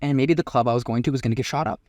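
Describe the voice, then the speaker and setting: A man's voice: mid-range voice, racing, darkish tone, dry recording, studio quality. A young man hosting a casual chat, giving rambling, hyped motivational talk with plenty of swearing. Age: young adult. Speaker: host.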